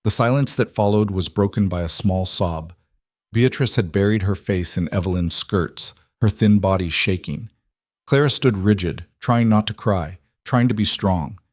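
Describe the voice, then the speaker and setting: A man narrating a romance story in a measured, dramatic way. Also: fairly low pitch, a little mellow, no echo, clean studio sound.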